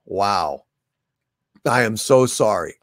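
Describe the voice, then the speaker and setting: A man's voice: lowish voice, lively intonation, slow, fairly bright tone, no room sound, studio quality. An older man hosting a livestream, reading super chats aloud with grand, theatrical proclamations. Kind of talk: casual livestream chat.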